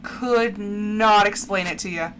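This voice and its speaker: A woman's voice: mid-range voice, slow, fairly bright tone, slight background noise. An American woman streaming a video game, chatting casually and giggly, with lots of "like". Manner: chatty and giggly, heavy use of "like". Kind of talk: casual livestream chat.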